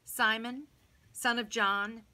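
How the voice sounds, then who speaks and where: A woman voicing Jesus in a Bible story for children, speaking softly, slowly and tenderly. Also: on the high side, steady tone, a little hiss or hum, exaggerated voice. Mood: gentle, solemn. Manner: soft, slow and tender. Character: gentle, solemn adult man, Jesus.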